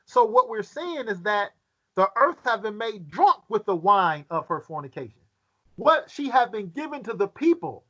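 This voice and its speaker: A man leading a Bible study, reading scripture aloud and putting questions to his listeners, sometimes halting and repeating words as he thinks. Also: sits high, big pitch swings, pushed and bright, highs cut off.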